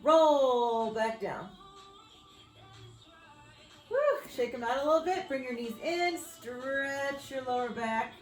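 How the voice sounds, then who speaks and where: An upbeat woman fitness coach talks a class through a floor workout, cheering with whoops and sounding slightly out of breath as she exercises along. Her voice is a little high and rings in an echoey room with faint music behind it. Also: moderate pace, hardly any pauses. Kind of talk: workout instruction.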